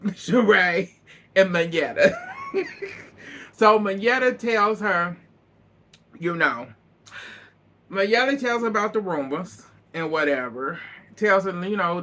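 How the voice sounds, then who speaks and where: A man's voice: on the high side, bright, forceful tone. A man giving a casual, profane recap of a reality TV episode, laughing often as he talks. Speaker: reaction vlogger.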